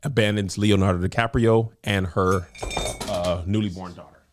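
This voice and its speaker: Brief: podcast co-host, male, lower register, animated storyteller who acts out lines. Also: moderate pace, background noise. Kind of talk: casual chat.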